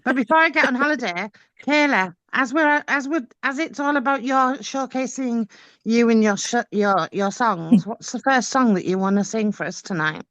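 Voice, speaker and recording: A woman's voice: a little high, moderate pace, a bit bright, dry recording, highs cut off. A woman co-hosting a casual late-night radio chat show in a studio, giggly, teasing and chatty.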